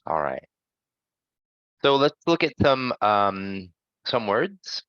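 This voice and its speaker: A man's voice: on the low side, very animated, takes it slowly, a bit bright, dry recording, highs cut off. A man teaching English pronunciation in a class, speaking patiently and checking in with his students often. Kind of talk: online pronunciation lesson.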